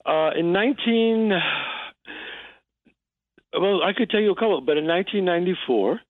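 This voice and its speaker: A man with a gravelly voice, a guest actor telling a story in a halting way, full of restarts. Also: animated, dry recording. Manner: halting, restarts often, acts out quotes in a low voice. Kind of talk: casual storytelling interview. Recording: tinny phone line.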